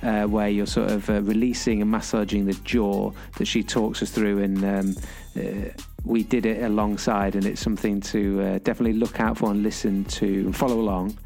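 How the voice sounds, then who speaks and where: A man's voice: fairly low pitch, level tone, normal speed, creaky, hardly any pauses, warm tone, soft background music. A man co-hosting a podcast, chatting casually and hesitantly with many fillers. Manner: hesitant, full of fillers, friendly. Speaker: podcast co-host.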